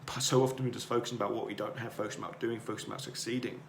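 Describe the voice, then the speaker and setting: A man's voice: fairly low pitch, steady tone, very fast, gravelly. Earnest, rambling man in an echoey room. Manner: earnest, rambling, repeats words. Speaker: podcast host. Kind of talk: motivational monologue. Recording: roomy echo, faint noise.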